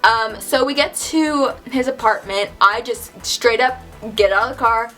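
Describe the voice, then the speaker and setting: A young woman vlogger telling a story in casual chat, animated and exasperated, with a steady stream of "like". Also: fairly high pitch, a little slow, soft background music. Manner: chatty, filler-heavy with frequent "like".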